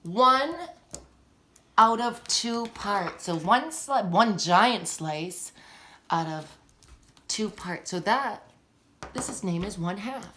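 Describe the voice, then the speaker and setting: A young woman teaching a lively lesson to the camera. Her voice jumps up and down as she teases and laughs between explanations. The delivery is playful and informal. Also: mid-range voice, takes it slowly, long pauses. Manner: animated, laughs often, teasing. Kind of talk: playful classroom lesson video.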